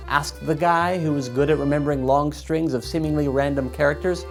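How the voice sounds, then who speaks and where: A man's voice: on the high side, steady tone, a little fast, vocal fry, hardly any pauses, faint music behind. Male host, 30s, playful storybook-style delivery of scripted segments. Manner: playful, mock-fairy-tale delivery.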